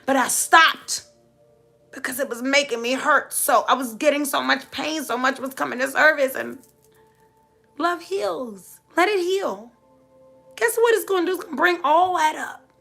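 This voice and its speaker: A woman's voice: high voice, normal speed, creaky, pushed and bright, faint music behind. A middle-aged woman giving a heartfelt motivational talk to live viewers, with emphatic, preacher-like repetition. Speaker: motivational speaker.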